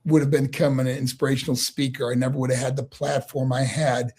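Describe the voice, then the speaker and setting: A middle-aged man from New York telling lively stories as an interview guest and laughing often. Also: mid-range voice, a little fast, slightly rough. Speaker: guest, former pro wrestler. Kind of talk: casual interview storytelling.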